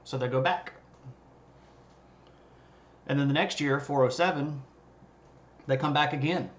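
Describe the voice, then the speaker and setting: A man's voice: medium pitch, a little slow. A man hosting a livestream, giving a casual, joking history lecture and bantering with viewers' chat. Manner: jokey and conversational, bantering with chat. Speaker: history streamer. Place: streaming setup.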